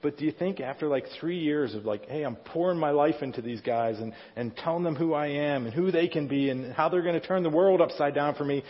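A middle-aged man with a fairly high voice preaches briskly, barely pausing, in a conversational sermon where he often questions the congregation. He's a pastor in a church sanctuary, and the sound is dull within the reverberant hall.

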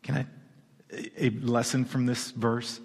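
A male pastor preaching a sermon in an emphatic, conversational way, moving between loud and hushed delivery. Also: medium pitch, little pitch movement, a little slow, breathy edge. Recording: long hall reverb.

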